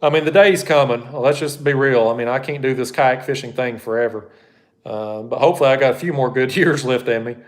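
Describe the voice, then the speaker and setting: A man's voice: medium pitch, brisk. A man hosting a fishing channel, answering viewer questions on a live stream in a blunt, folksy, rambling way.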